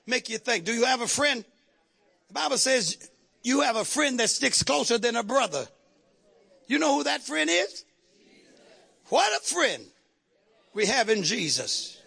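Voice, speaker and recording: A man preaches a fervent sermon, drawing out verses and calling on the congregation to answer. His voice sits very high and gravelly, with a bright, forceful edge. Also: sing-song, unhurried, pauses often. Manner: fervent, shouting call-and-response preaching. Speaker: pastor.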